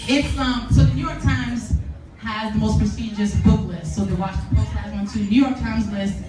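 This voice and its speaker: A woman guest on a live podcast tells her stories with animated energy, acting out what others said and laughing along. She sits in a very echoey venue, heard from some distance from the mic, with music behind her. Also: mid-range voice, normal speed. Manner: animated, acts out quotes with laughter. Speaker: guest author. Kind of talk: live podcast interview storytelling. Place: live podcast event before an audience.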